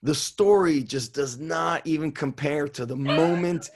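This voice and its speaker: A man who is a strength coach telling a story on an interview in an excitable way, swearing and laughing as he goes. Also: a little high, measured pace. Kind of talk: animated storytelling.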